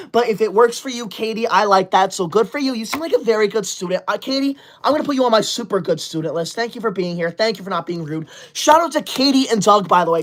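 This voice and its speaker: A woman streaming live to her chat, thanking donors one moment and bossily scolding viewers the next. Her indignant voice jumps into sudden shouted outbursts. It sits at an ordinary middle pitch. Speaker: livestream host. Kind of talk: casual livestream chat, reading super chats.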